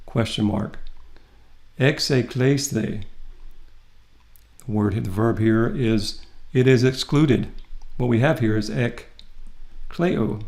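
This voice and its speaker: A man teaching Greek in a recorded lecture. He walks through each form step by step in a methodical, patient way with pauses. His voice sits at an ordinary middle pitch. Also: a little mellow.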